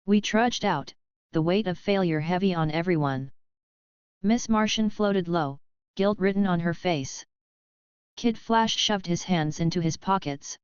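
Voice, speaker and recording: A woman narrating an audiobook in a steady, even way. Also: on the low side, clean tone, no room sound, muffled recording.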